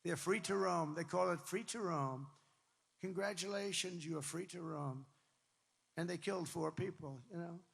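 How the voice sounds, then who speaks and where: A man giving a campaign rally speech to supporters, emphatic and repetitive, wandering into asides and breaking into shouts. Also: fairly high pitch, normal speed, vocal fry, breathy edge. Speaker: political candidate addressing supporters. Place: large rally venue with crowd. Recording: long reverb from a rally venue.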